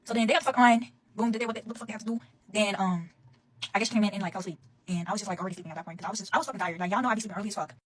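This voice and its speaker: Fast-talking, cursing young woman telling a story. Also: mid-range voice, husky, poor audio. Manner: fast, profane, heated storytelling. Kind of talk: casual storytime rant. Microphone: phone camera.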